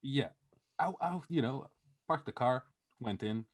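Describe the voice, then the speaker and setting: A man's voice: mid-range voice, animated, unhurried, dry recording, clean studio sound. A young man co-hosting a podcast, telling a story in a casual, comedic way, swearing a lot, laughing often and acting out the lines of the people in it. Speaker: podcast co-host.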